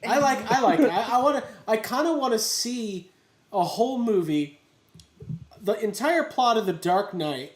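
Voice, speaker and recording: A man's voice: high voice, moderate pace. Joking man in an echoey room. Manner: animated, joking, swears casually. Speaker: podcast co-host. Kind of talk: casual podcast banter. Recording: echoey room with clear noise.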